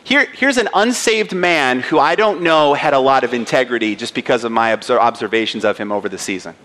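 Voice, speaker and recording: A man's voice: mid-range voice, a little fast, sharp tone. A man in his thirties, a pastor preaching a sermon with earnest emphasis and personal stories.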